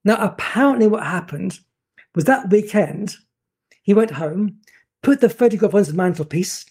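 Man, 50s, storyteller; mellow, husky, tumbles over repeated words. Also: sits high, moderate pace. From England. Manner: animated, stumbles and repeats words, acts out voices. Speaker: guest photographer. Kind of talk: anecdotal storytelling.

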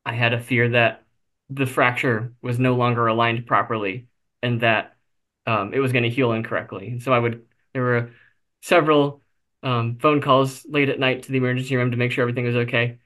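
A man with a bright, forward voice recounts a personal story in an interview. He talks candidly, laughs at himself now and then, and leans on little fillers as he goes. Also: mid-range voice, fairly even intonation, brisk. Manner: candid, self-deprecating, with many fillers. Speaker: interview guest.

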